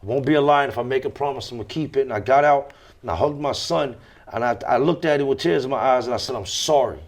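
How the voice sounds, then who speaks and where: A man's voice: mid-range voice, fast. Blunt, emphatic American man. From United States. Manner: blunt, emphatic street talk with repeated phrases. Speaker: interview guest. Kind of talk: candid storytelling interview.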